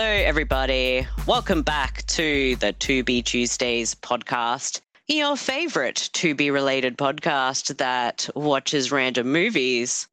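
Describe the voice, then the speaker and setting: A woman hosts a casual podcast in a bright, animated voice, swearing freely and laughing often. Her pitch jumps around a lot as she talks. The sound is dry and close. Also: dry recording. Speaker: podcast host. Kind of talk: casual chat.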